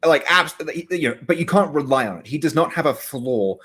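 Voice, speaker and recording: A man's voice: fairly high pitch, lively intonation, brisk, fairly bright tone, slightly rough. A man co-hosting a casual podcast chat, rambling and correcting himself mid-sentence, often laughing. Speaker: podcast co-host. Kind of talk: casual chat about soccer betting.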